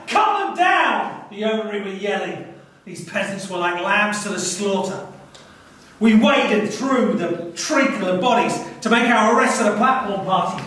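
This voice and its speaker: A man's voice: sits high, a bit bright. An actor playing an arrogant male cavalryman who speaks in a gloating, contemptuous way. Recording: very echoey, distant mic.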